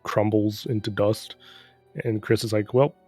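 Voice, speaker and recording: A low-voiced man rambling, faint music behind. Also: steady tone, moderate pace, darkish tone, no room sound. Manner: rambling, profane, sarcastic recap. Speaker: gamer recapping a story. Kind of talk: casual chat.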